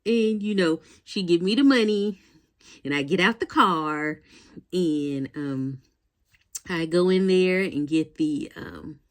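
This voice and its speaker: A woman's voice: fairly low pitch, a little slow. A woman in her forties telling a casual, rambling story to her vlog audience, full of fillers and asides. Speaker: vlogger.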